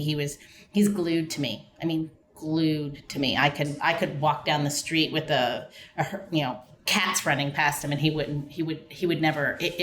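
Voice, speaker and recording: A woman's voice: low-pitched, a bit bright. A woman co-hosting a podcast, talking in rambling, self-interrupting bursts with emotion. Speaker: co-host. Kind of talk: casual podcast chat.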